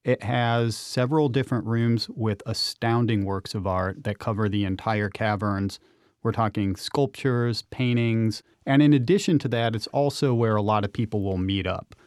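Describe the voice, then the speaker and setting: A man's voice: on the low side, moderate pace, a little mellow, clear, resonant tone, dry recording, clean studio sound. A man, an urban explorer and author, telling vivid, enthusiastic stories as a guest on a radio interview.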